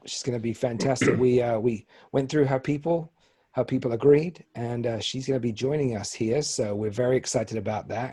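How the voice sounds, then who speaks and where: A man in his forties with an English accent co-hosts a casual talk show. He jokes at his own expense in a husky voice. His talk is loose and playful. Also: medium pitch, mellow. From England. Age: 40s. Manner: jokey, self-deprecating. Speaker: podcast co-host. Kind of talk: casual chat.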